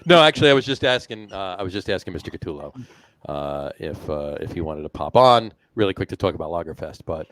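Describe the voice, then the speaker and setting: A man's voice: low-pitched, expressive, quick pace, fairly bright tone, no echo. A man co-hosting a casual beer podcast, rambling with fillers and restarts. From New Jersey. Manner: rambling, many restarts and fillers, laughs often. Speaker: podcast co-host. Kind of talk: casual chat.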